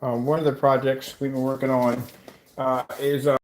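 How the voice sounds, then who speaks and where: A man's voice: mid-range voice, flat delivery, moderate pace, slight background noise. A tired man rambling about his product in a casual vlog, with many fillers and restarts. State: tired, yawning. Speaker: small business owner presenting a product.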